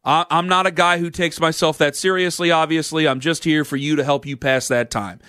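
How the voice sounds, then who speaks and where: A man in his thirties hosting a sports talk radio show, animated, self-mocking and earnest, speaking into a studio microphone. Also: on the high side, a little fast, clear, resonant tone, dry recording. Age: 30s.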